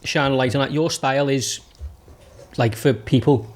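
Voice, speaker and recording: A man's voice: medium pitch, normal speed. A man hosting a podcast, chatting casually and backing up his guest with short agreeing remarks. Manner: supportive, short agreeing interjections. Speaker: podcast host.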